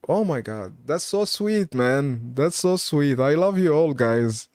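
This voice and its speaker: A man's voice: fairly high pitch, animated, takes it slowly, darkish tone, no echo, clean studio sound. A man hosting a live Q&A stream, chatting casually, laughing often and reading viewer comments aloud.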